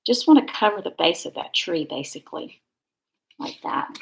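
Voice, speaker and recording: Middle-aged woman, lowish gravelly voice, chatty rambling craft-demo host. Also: big pitch swings, moderate pace, background noise. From Georgia, USA. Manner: chatty, rambling, warm asides. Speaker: card-making crafter. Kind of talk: casual live-stream crafting demo.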